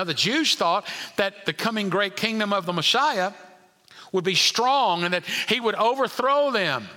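A male pastor with a high-pitched voice delivers a sermon in a large, echoing room. He drops into quiet asides, then builds to emphatic points, questioning the congregation along the way.

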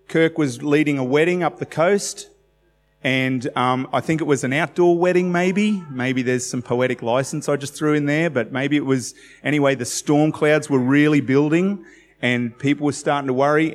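Male pastor, 40s, Australian accent, conversational sermon delivery, recorded in a reverberant hall. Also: medium pitch. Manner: conversational, asks the congregation questions.

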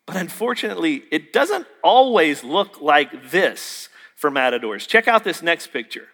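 A man delivers a sermon in a bright, ringing voice that sits high and swings widely in pitch. He tells stories and acts out the dialogue with jokey asides. His words carry a long reverb from a large hall. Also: big pitch swings, moderate pace. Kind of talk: sermon with storytelling.

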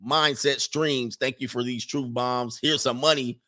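A man hosting a casual livestream, reading viewer messages aloud and answering in an animated, joking way. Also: medium pitch, unhurried. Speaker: livestream host reading super chats.

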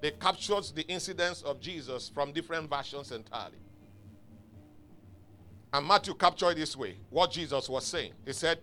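A man's voice: fairly high pitch, lively intonation, normal speed, pushed and bright. A man preaching a sermon in a church, emphatic and exhorting, calling out to his congregation for responses. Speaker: pastor. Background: faint music from outside.

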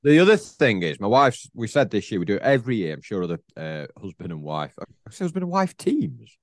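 A man's voice: mid-range voice, wildly swooping pitch, brisk, few pauses, no echo, clean studio sound. A man, co-hosting a podcast in casual, rambling chat and laughing often. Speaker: podcast co-host.

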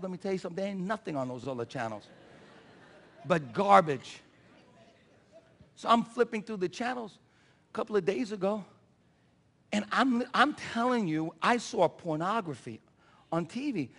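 Male preacher, passionate sermon, bright tense tone, repetitive cadence. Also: sits high, expressive, moderate pace, gravelly, long pauses, big-room sound. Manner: impassioned, shouting at peaks, repetitive cadence.

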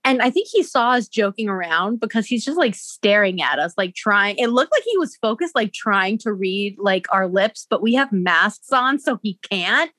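A woman's voice: mid-range voice, animated, normal speed, few pauses, a bit bright, no echo. A young woman co-hosting a podcast, telling a story in a bubbly, giggly way full of "like" fillers. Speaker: podcast co-host. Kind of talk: casual storytelling chat.

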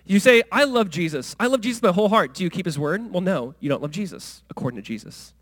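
A man preaching a sermon as pastor, in a conversational way full of asides and questions to the congregation, swinging between quiet low asides and loud high exclamations. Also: lively intonation, quick pace.

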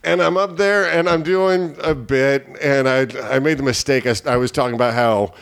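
A man's voice: mid-range voice, normal speed, smooth. A comedian guest telling a story in casual chat, swearing and acting out the people he quotes. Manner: animated, swearing, acts out quotes in voices.

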